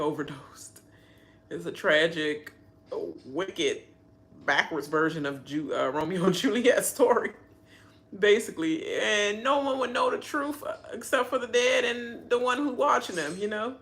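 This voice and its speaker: A woman hosting a live reaction video, ranting and laughing about a reality show as it plays. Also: low voice. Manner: animated, laughs often, mimics people.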